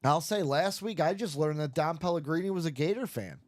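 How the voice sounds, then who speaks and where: A man's voice: on the high side, expressive, fairly quick. A man hosting a live card-break stream in a casual, joking chat about games and bets.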